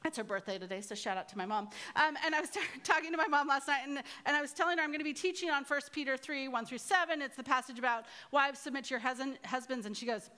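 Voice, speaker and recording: A woman teaching a women's Bible study into a microphone on a speaker system, telling stories in a lively, self-deprecating way with laughs. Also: high-pitched, quick pace, few pauses. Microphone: microphone through a speaker system.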